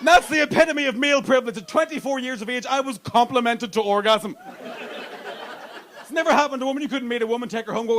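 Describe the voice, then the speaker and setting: Brash, high-voiced male stand-up comedian. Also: animated, quick pace, fairly bright tone. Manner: brash, crude storytelling. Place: comedy club stage. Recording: live club with audience noise.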